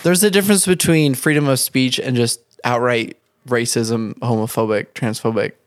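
A man's voice: mid-range voice, moderate pace, no echo, clean studio sound. A young man talking animatedly in a casual podcast chat, with lots of filler words. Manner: animated, talks in bursts with many fillers.

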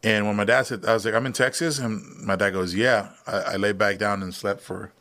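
A man in his thirties, a veteran guest on a podcast, telling his story in a relaxed, matter-of-fact way with many fillers. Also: fairly low pitch, brisk. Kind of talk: casual storytelling interview.

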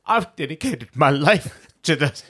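Guy cohosting a podcast, high voice that swoops all over, playful and camp. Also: unhurried, breathy edge. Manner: playful, camp and excitable, breaks into laughter. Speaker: podcast co-host. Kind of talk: casual chat.

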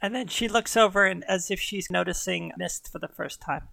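Gravelly-voiced game master. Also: mid-range voice, moderate pace, sharp tone, dry recording. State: strained voice. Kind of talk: narrating a tabletop game.

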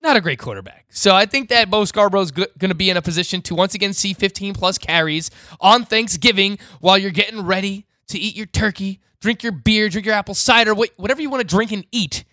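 A man's voice: sits high, fast talker, few pauses, pushed and bright, dry recording, clean studio sound. A man co-hosting a sports podcast, giving opinionated analysis with a teasing edge.

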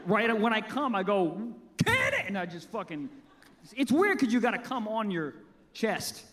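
A man with a high, bouncy voice rambling through crude, goofy stories as a comedy podcast co-host. He is recorded on a live stage. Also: lively intonation, normal speed, fairly bright tone, slight background noise. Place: live stage show before an audience.

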